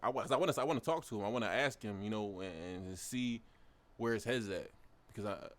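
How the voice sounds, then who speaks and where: A man's voice: fairly low pitch, quick pace, fairly bright tone. A young man in his twenties, a podcast co-host, speaking in a reflective and hesitant way during a casual discussion. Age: 20s.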